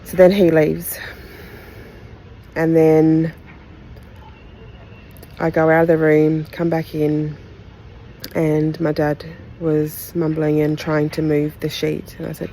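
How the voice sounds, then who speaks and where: A woman from Australia hosting a podcast, giving a candid, heartfelt retelling of a personal story in halting phrases with pauses. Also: sits low, completely flat delivery, warm tone, slight background noise, poor audio. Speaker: podcast host.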